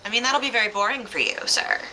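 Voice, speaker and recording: A woman voicing a confident, teasing young woman in her late teens who speaks calmly. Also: a little high, fast, slight background noise, pitched above the performer's own voice, rough recording. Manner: calm and self-assured.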